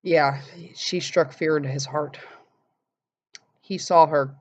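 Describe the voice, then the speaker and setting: A young woman vlogger telling an animated story and acting out the quotes in voices. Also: low-pitched, slow pace. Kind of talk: casual storytelling vlog. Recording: dull lo-fi sound.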